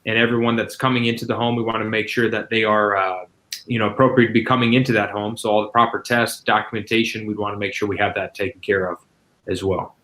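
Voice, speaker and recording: A man's voice: lowish voice, level tone, fast talker, fairly bright tone, rough recording. A man, a guest expert on senior living, answering interview questions in a casual, explanatory way with frequent "you know" fillers.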